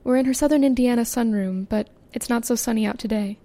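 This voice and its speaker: A woman hosting a podcast, calmly reading scripted documentary narration. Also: on the high side, no room sound. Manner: calm, measured scene-setting. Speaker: podcast host.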